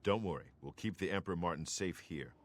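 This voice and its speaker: A man playing a deep-voiced dutiful knight guard. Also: fast, lightly acted. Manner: respectful, formal. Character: loyal male knight guard, formal and dutiful. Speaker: game character.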